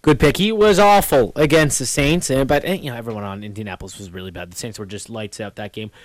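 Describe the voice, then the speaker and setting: A man hosting a casual sports podcast, talking in an animated way with quick swings in pitch. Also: no echo. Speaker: podcast host.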